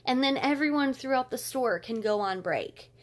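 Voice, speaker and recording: A woman's voice: high voice, expressive, normal speed. A woman vlogger telling a story as a casual rant, fired up and blunt, with cursing.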